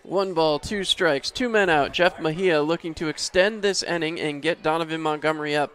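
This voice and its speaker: Here the baseball call comes in a fairly high, slightly bright man's voice at normal speed. Working from an outdoor ballpark booth, the announcer stays easygoing and chuckles, then rises sharply whenever there's a big hit.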